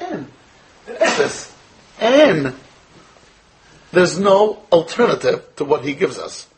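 A man's voice: on the high side, a little hiss or hum, poor audio. An American man teaching a Torah class as a rabbi, firing rhetorical questions at his students and weaving in Hebrew and Yiddish terms. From United States. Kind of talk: Torah lecture.

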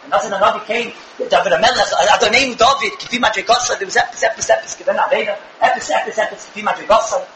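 Young man, very high voice, religious lecture, echoey room, audible background noise. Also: fast, hardly any pauses. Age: young adult. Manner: animated, rhetorical questions, bursts of shouting. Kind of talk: religious lecture to a live audience. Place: room with an audience.

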